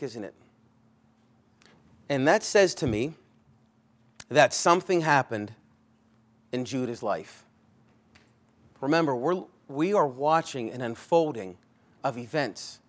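A man at a middle pitch preaches a Bible sermon in an easy, conversational way. He leans hard on key points and often breaks off to rephrase. He talks like a pastor walking his congregation through the text. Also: expressive, measured pace, pauses often. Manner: conversational, emphatic, rephrases mid-sentence. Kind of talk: expository sermon.

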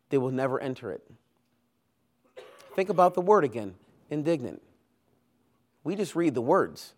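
A man's voice: medium pitch, very animated, normal speed, pauses often. A man preaching a Sunday sermon, earnest and emphatic, building his points through long lists with rising force. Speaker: pastor. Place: church.

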